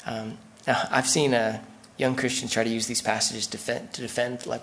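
Man, pastor, sermon, gravelly voice, conversational preaching. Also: medium pitch, flat delivery, normal speed, fairly bright tone.

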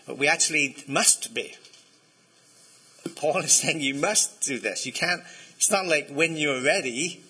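Male pastor, conversational sermon delivery, very bright tone with a breathy edge. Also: fairly high pitch, rough recording. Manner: conversational, asks the congregation to respond.

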